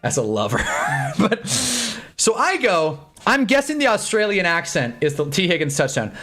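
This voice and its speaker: A young man with a high voice and a Midwestern American accent hosts a live stream, telling a dating story while watching football. He's animated and laughing, pausing for quick remarks on the game.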